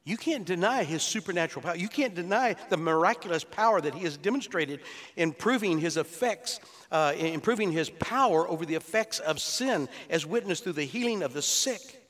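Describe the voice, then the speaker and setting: A man's voice: high voice, lively intonation, fairly quick, fairly bright tone. A male pastor preaching an expository sermon, explaining scripture in an earnest teaching tone that builds to emphatic peaks. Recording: long reverb of a large hall.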